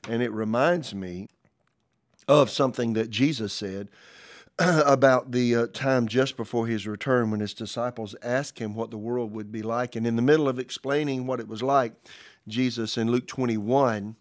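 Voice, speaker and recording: A man preaching on a church podcast, reading scripture and quotes aloud, then commenting in a relaxed, conversational way with fillers. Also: mid-range voice, moderate pace. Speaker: pastor. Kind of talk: podcast sermon.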